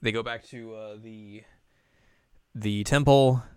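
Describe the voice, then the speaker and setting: A young man with a smooth, clear voice recaps an episode in casual chat. He jokes along the way, recorded close and dry. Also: fairly low pitch, fairly even intonation, slow, a little mellow, no echo. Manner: chatty, jokey retelling. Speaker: podcast co-host.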